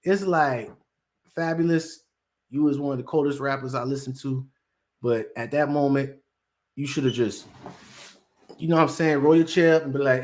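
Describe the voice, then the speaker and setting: A man's voice: medium pitch, moderate pace, pauses often. A man hosting casual commentary, rambling in slang and acting out quotes from the people he talks about. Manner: slangy, rambling storyteller who acts out quotes. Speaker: commentary host.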